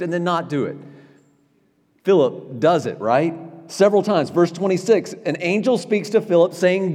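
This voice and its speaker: A man preaching as a pastor in a church, talking in a conversational way with frequent "right?" asides and quick restarts. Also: sits high, darkish tone, in a large hall. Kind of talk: sermon. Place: church sanctuary.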